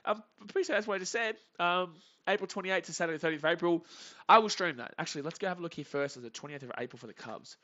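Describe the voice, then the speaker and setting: A man hosting a live game reaction stream, chatty and prone to excited shouts. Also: on the high side, quick pace, dull audio. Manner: chatty, reads chat, bursts into excited shouts.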